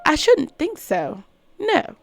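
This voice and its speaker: A woman's voice: high voice, huge pitch swings, takes it slowly, gravelly, soft background music, full character voice. A woman voicing a cryptic, teasing male cat in a game, speaking in a put-on accent with a smug, riddling manner.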